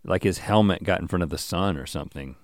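A man's voice: sits low, quick pace, no echo. A middle-aged man co-hosting a casual comedy chat, answering with dry, wry remarks. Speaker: podcast co-host.

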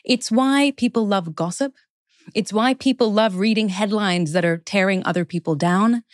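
A woman's voice: medium pitch, normal speed, dry recording, studio quality. A woman guest in an interview, explaining her ideas earnestly and laying them out step by step. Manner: earnest, explanatory, lists points in steps. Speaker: guest author. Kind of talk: interview conversation.

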